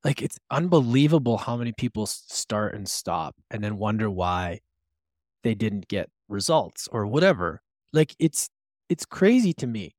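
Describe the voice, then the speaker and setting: Lively, enthusiastic male podcast host. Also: lowish voice, moderate pace, no room sound, clean studio sound. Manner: enthusiastic, affirming, asks questions. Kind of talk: casual podcast conversation.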